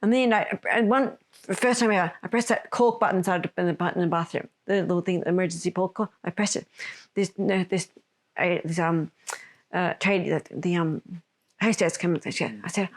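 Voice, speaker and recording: A woman's voice: on the low side, fairly quick. A woman telling a personal story on a podcast, rambling and correcting herself as she goes. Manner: rambling, self-correcting, emotional retelling. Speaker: podcast host.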